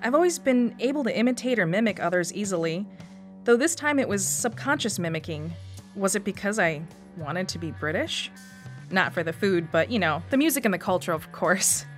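A woman's voice: medium pitch, lively intonation, normal speed, faint music behind. Woman with a Wisconsin accent telling her story. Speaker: radio storyteller. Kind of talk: scripted personal essay narration.

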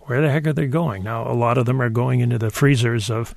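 Gravelly-voiced man explaining wildlife. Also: medium pitch, fairly even intonation, fairly quick, a little mellow, no room sound. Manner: thoughtful, explanatory, with hesitations. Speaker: wildlife expert guest. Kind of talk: radio call-in answers.

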